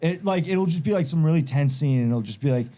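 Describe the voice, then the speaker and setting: Mellow-voiced man in casual banter. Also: fairly high pitch, expressive, fast. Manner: laid-back, profane banter. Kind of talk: casual chat.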